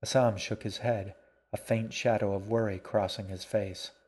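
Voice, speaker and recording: Low-voiced man narrating an audiobook. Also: steady tone, normal speed, a little mellow, slightly rough.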